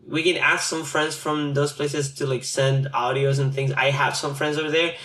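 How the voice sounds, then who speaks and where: A man's voice: fairly high pitch, flat delivery, moderate pace, pushed and bright, echoey room, slight background noise. A man in casual, profane conversation, rambling with lots of fillers. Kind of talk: casual chat.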